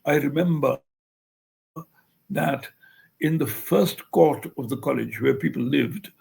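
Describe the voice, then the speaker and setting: Older man with a gravelly voice. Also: mid-range voice, slow, darkish tone. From India. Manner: anecdotal, acts out quoted dialogue. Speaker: guest writer. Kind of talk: interview storytelling.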